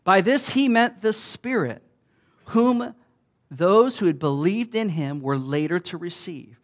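A man preaching a sermon in a conversational way, with restarts, often rising loud when he quotes. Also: high-pitched, expressive, unhurried. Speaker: pastor.

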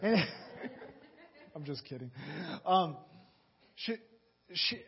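Boisterous, high-voiced young male pastor. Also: very slow, breathy edge. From Atlanta, USA. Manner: animated, dramatic storytelling with frequent restarts. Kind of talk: storytelling sermon. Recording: dull lo-fi recording.

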